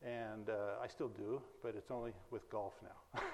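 A man's voice: fairly low pitch, slow, background noise. A man from the Berkeley, California area giving an informal sermon, telling personal stories in a conversational, folksy way and chuckling at his own jokes. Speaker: preacher. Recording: long hall reverb.

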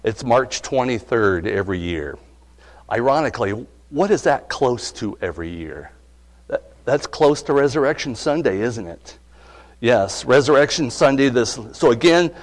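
A middle-aged male pastor preaching a sermon, conversational and asking his congregation questions. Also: medium pitch. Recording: long reverb of a hall.

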